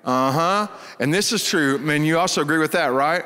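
A pastor from Texas with a Texas accent, preaching in a folksy, animated storytelling style and acting out the voices in his stories. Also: on the high side, moderate pace. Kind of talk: storytelling sermon. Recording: reverberant church hall.

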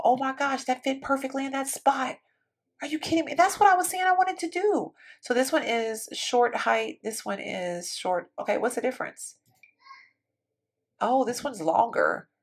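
Her voice is medium in pitch, creaky and husky as she builds in a life-sim game for her YouTube channel. She offers chatty, casual commentary, thinking out loud and talking with viewers.

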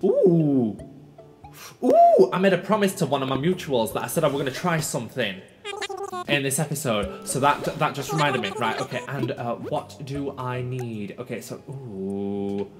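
A man hosting a video game let's play, chatting to himself in an animated, talkative way. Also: mid-range voice, normal speed. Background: game music.

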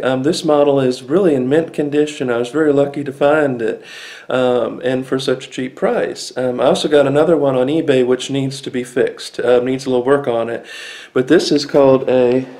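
A man's voice: mid-range voice, warm tone, low-quality recording. A man talking casually in a vlog, rambling with lots of fillers as he shows off a small vintage organ. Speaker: vlogger showing an instrument. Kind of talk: casual show-and-tell vlog. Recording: organ playing in the background.

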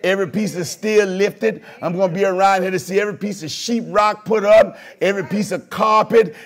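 A man preaching a sermon in call-and-response style, pushing his voice up into shouts on key lines. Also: sits high, steady tone, a little fast. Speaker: pastor.

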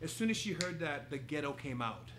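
A man's voice: fairly high pitch, a little fast, crowd noise. A man telling a funny story on stage at a live improv theater, laughing and acting out quotes. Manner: animated, laughing, acts out quotes. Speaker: guest storyteller. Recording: echoey theater with noise.

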